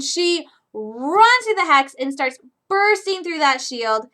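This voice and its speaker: A young woman from Michigan, talking chattily and excitably in a casual recap vlog, with frequent restarts. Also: sits high, normal speed, hardly any pauses. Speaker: vlogger.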